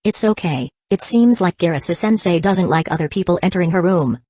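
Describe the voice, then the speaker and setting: A calm, considerate young man explains himself politely, as a woman reads his part. The voice is low and the recording is dry and close. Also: fairly quick, no echo.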